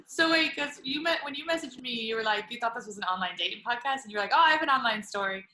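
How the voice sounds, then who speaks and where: A woman hosts a casual podcast chat with a bright, forceful tone. She tells stories in an animated way, laughing often and swearing freely. The sound has a roomy echo. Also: on the high side, quick pace. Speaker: podcast host.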